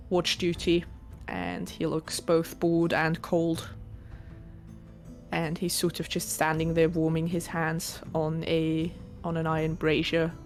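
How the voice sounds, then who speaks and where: A woman narrating a tabletop game as game master, unhurried and hesitant with many fillers. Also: deep voice.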